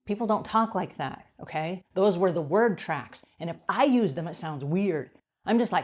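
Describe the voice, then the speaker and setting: A woman's voice: on the low side, normal speed, darkish tone. A woman who coaches cleaning businesses, giving casual advice in a chatty, conversational way, often checking in with "right?". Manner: acts out quoted voices on the fly. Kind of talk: casual advice talk to camera.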